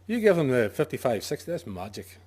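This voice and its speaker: A sheep farmer gives an informal talk to other farmers, hammering home his points, posing questions to himself and answering them, and slipping in the occasional joke. His voice is male and mid-range, with a brisk, sing-song lilt that sounds slightly mellow and husky.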